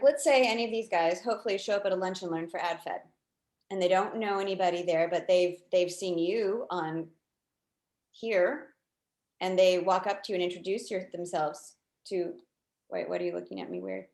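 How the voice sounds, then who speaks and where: A woman's voice: medium pitch, darkish tone. A woman hosting an interview, playful and giggly as she asks what-if questions. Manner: playful, giggly, posing hypothetical scenarios. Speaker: interview host, design professor. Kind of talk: casual interview chat. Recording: echoey room.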